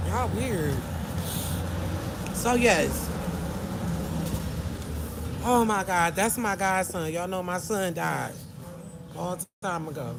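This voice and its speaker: A middle-aged woman, talking candidly and emotionally to her live-stream viewers in a corner store. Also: medium pitch. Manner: candid, emotional, talks to chat and shop staff. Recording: noisy store with traffic.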